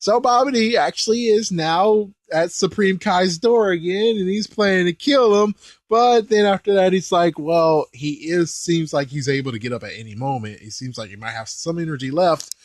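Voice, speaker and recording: A man hosting a casual episode commentary, excitable and chuckling, with mild swearing. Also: high voice, moderate pace, dry recording. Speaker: anime reaction host.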